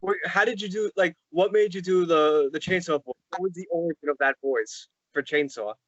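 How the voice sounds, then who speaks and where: Male host, fairly high voice, halting delivery, dry dull lo-fi sound. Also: a bit bright, no echo. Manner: halting, many fillers and restarts. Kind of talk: casual interview.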